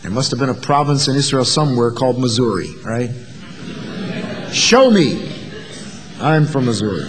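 A man preaches a sermon dramatically in a mid-range voice, quick-paced with few pauses, in a big-room space with noisy background. He acts out the voices of the disciples and doubters in his story.

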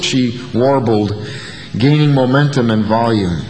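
A man's voice: a little high, lively intonation, normal speed. A man preaching a sermon to his congregation, telling stories with a wry, folksy touch. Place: church sanctuary. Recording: long hall reverb.

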